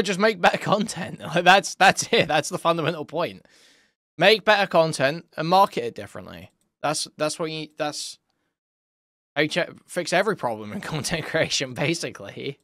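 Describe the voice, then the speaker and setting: A man's voice: fairly high pitch, animated, moderate pace, fairly bright tone, no room sound, studio quality. A man hosting reaction commentary, mocking and swearing as he laughs at a clip. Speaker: commentary host.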